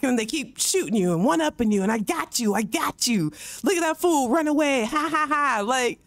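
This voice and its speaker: A woman streams a game and goes off in a heated, swearing rant, her voice pitched a little high. She slips into mocking put-on voices as she complains. The sound is dry and close to the mic. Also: dry recording. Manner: heated, profane, mocks others in put-on voices. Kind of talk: livestream rant while gaming.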